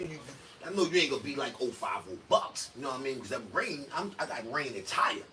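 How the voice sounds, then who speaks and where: A man's voice: on the high side, brisk, few pauses. Rambling New man on a stream. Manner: loose rambling slang talk, animated quoted asides. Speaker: livestream host. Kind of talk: casual stream commentary. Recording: distant mic with faint room noise.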